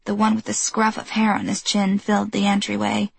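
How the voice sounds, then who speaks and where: A woman reading a novel aloud in even, measured audiobook narration. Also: mid-range voice, gravelly, slightly rough, dry recording.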